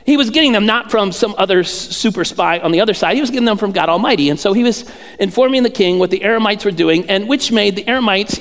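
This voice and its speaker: A male pastor delivers a conversational sermon in a fairly high voice. He repeats phrases and slips in humorous asides. His words carry a long reverb from the church hall. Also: fast talker, fairly bright tone. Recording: echoey hall.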